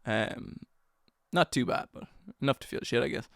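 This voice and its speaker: Young man, casual solo podcast, rambling self-mocking storyteller, dry close sound, middle pitch. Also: normal speed, creaky, a bit bright, no echo. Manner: rambling and self-mocking, with lots of fillers and slang. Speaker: podcast host.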